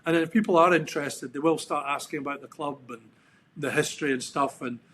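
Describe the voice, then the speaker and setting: A man's voice: a little high, steady tone, fast talker, fairly bright tone, a little hiss or hum. A middle-aged Scottish man, a podcast guest, telling stories in a reflective, rambling way with frequent restarts and ums. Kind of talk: casual interview chat.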